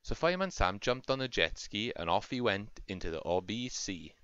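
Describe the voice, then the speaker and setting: A man narrating an improvised toy-play story in a lively, playful way. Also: lowish voice, normal speed, smooth, dry recording. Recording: dull lo-fi home recording.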